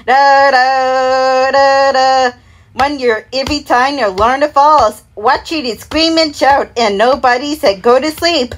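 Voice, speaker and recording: A woman's voice: high-pitched, normal speed, hardly any pauses, fairly bright tone. A woman recreating a TV commercial break by herself, rambling through slogans and product names in slurred, half-mumbled words and humming the jingles as "da da". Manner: hums and sings jingles in "da da" syllables.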